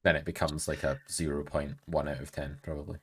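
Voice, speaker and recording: A man with a very low voice chats on a podcast. He teases dryly and likes to argue the other side. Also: level tone, fairly quick, a crowd in the background. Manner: dry teasing, plays devil's advocate. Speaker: podcast co-host. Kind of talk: casual chat.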